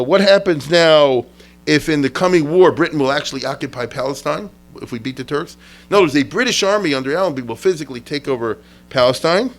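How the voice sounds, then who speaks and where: A middle-aged man, a rabbi, giving an informal history lecture in a chatty, digressive way, acting out quotes from the people he describes. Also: on the high side.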